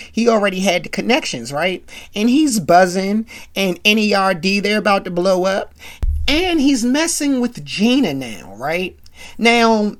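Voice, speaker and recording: A woman hosting a casual, rambling recap with lots of asides. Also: medium pitch. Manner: rambling, animated, full of asides. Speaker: podcast host. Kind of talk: casual episode recap commentary.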